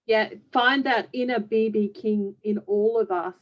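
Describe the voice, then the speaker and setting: Woman host signing off warmly-upbeat, kinda dull lo-fi sound. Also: medium pitch, steady tone, unhurried. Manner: upbeat, appreciative. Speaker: podcast host. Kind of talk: interview wrap-up. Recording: dull lo-fi audio.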